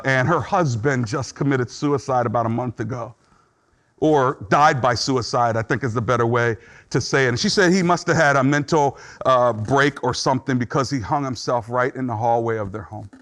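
A man's voice: mid-range voice, moderate pace, a bit bright. A middle-aged man preaching a sermon in an earnest, conversational way, acting out short quotes as he teaches. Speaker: pastor.

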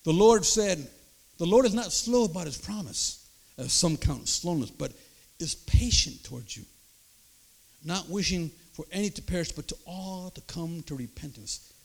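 High gravelly older preacher man. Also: expressive, moderate pace. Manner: emphatic preaching with rhetorical "huh?" asides. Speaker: pastor. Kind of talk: sermon.

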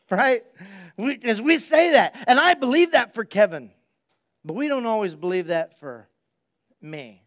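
A male pastor giving an energetic, conversational sermon and speaking straight to his congregation. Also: very high voice, normal speed.

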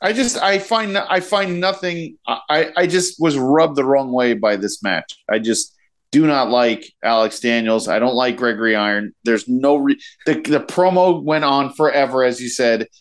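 A man co-hosting a casual wrestling podcast, talking in a rambling, halting way and laughing easily. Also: medium pitch. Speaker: podcast co-host. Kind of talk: casual chat.

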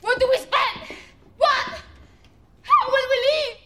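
An actress playing a desperate young wife with a Spanish accent who screams demands in a film clip. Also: female voice, very high voice, slow, bright, forceful tone, echoey room, full character voice. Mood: frantic.

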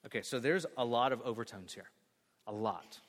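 Animated male pastor preaching in a hall. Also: mid-range voice, moderate pace. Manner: animated, acts out scenes, jokes with the congregation. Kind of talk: sermon. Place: church sanctuary.

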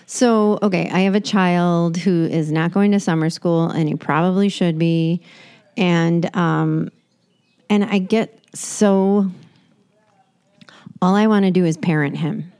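A woman in her forties co-hosts a casual chat podcast, telling rambling stories that keep restarting. Her voice is on the low side, gravelly and warm.

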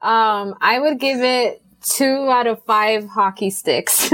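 A woman's voice: on the high side, slow, a bit bright. A woman in her forties, a first-time podcast guest, joking and apologizing often. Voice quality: self-deprecating, jokey, apologetic. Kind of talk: casual podcast chat.

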